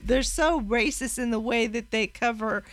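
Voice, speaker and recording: Sarcastic, opinionated talk show co-host, mid-pitched, dry close sound. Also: moderate pace, a bit bright, no room sound. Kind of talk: political talk radio.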